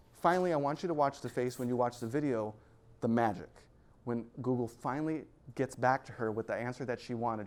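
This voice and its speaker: Guy giving a lively talk in a meeting room, cracks jokes, ordinary middle pitch. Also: smooth. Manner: energetic and joking, laughs between points. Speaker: guest speaker at an investor club. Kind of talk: live presentation to an audience.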